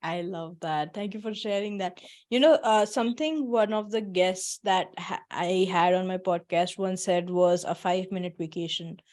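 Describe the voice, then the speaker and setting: A workshop host with a fairly low, slightly mellow voice runs an online session over a video call at a normal pace, chatting casually and encouragingly and laughing often. She's picked up by a computer mic.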